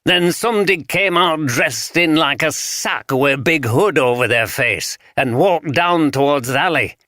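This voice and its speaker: A suspicious homeless man with a broad Yorkshire accent, as an audiobook narrator puts him on. He talks bluntly, in clipped dialect, pitched higher than the narrator's own voice. The voice sits bright and dry, close to the mic. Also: unhurried, no room sound. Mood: wary. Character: wary scruffy homeless man, gruff and suspicious.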